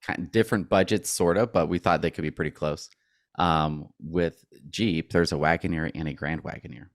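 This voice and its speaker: A man talking casually on a podcast, telling stories with lively acted-out back-and-forth exchanges. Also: rumbling low, normal speed, no echo, studio quality. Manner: animated storyteller who acts out both sides of conversations. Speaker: podcast co-host.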